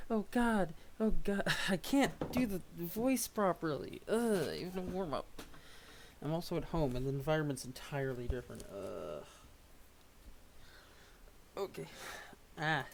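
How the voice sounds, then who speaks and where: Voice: mid-range voice, lively intonation, a little slow, long pauses, slight background noise. A young adult streamer rambling at home while reading a webcomic live. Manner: rambling, self-deprecating. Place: at home, under a blanket.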